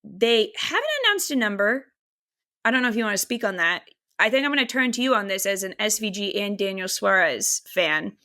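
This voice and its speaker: A woman's voice: medium pitch, animated, brisk, sharp tone. A woman co-hosting a podcast in casual chat, swearing freely, laughing often and steering the questions. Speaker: podcast co-host.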